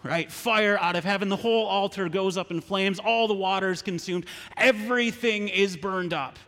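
A pastor preaching a sermon, retelling a story with frequent rhetorical questions. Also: male voice, high voice, normal speed, fairly bright tone, big-room sound.

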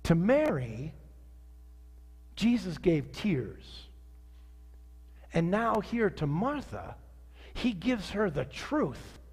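Male pastor, sermon delivery, animated with sudden quiet drops, high voice, reverberant hall. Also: extremely slow, pauses often, slightly rough. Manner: animated preaching, rising to outrage then dropping soft.

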